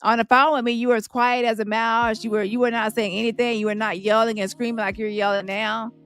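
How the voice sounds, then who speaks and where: Bright, taunting woman livestream host. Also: fairly high pitch, little pitch movement, brisk, clean tone, soft background music. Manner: taunting, confrontational, addresses viewers directly. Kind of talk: heated reaction commentary.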